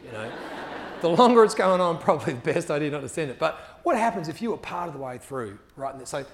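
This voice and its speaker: A man's voice: on the high side, big pitch swings, quick pace, a little hiss or hum. A man gives a storytelling talk, acting out the people in his stories and laughing often as he goes. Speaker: speaker.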